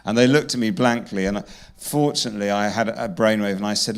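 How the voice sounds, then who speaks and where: A man's voice: fairly low pitch, quick pace, hardly any pauses. An English man, the author at a live book launch, answering questions with wry humor and reading his own pages aloud to an audience. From England. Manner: wry, self-deprecating humor. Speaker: author being interviewed. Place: event venue with audience.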